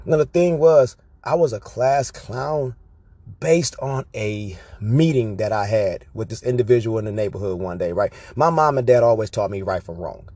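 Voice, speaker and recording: A man telling personal stories to his viewers in an animated, profane, casual way, often checking in with "right?". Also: on the low side, moderate pace, no echo. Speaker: vlogger. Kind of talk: casual storytelling monologue.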